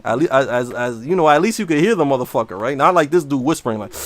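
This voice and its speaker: A man's voice: mid-range voice, fast, hardly any pauses. A man chatting casually and brashly while streaming a game. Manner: brash, slangy, animated. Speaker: livestreamer. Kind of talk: casual gaming stream talk.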